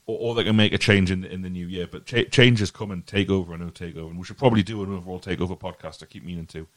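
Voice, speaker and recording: A man's voice: deep voice, steady tone, very fast, no room sound. A man hosting a football podcast, giving his earnest opinion in a rambling way and often repeating his words. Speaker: podcast host. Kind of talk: casual football podcast chat.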